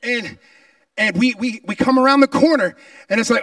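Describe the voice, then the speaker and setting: A man preaching a sermon, telling a personal story in an animated way and acting out its scenes. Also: extremely high pitch, moderate pace, no room sound, far from the mic. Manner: animated, acts out scenes and voices in his story.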